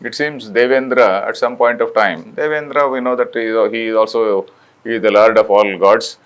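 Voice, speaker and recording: A man's voice: lowish voice, moderate pace, smooth. An older man from India, lecturing on scripture, explaining patiently with many fillers and restarts and reciting Sanskrit verses. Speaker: spiritual lecturer.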